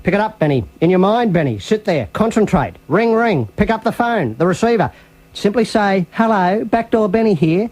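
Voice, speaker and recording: An Australian man voicing a patient male self-help guru who coaches slowly and hypnotically in a radio comedy sketch. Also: high voice, expressive, a little mellow, no room sound, voice pushed up, rough recording. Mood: soothing. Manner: slow, hypnotic step-by-step coaching.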